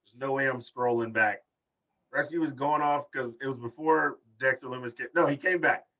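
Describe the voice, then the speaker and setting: A man co-hosting a casual podcast chat, telling long stories and acting out quotes in animated bursts. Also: moderate pace, distant mic, rough recording. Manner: animated storyteller, acts out quotes with big pitch jumps. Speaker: podcast co-host.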